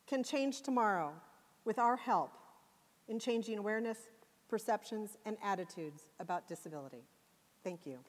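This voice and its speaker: A woman's voice: on the high side, a little mellow. A woman giving a passionate, emphatic conference talk. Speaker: conference speaker. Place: conference hall. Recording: long hall reverb.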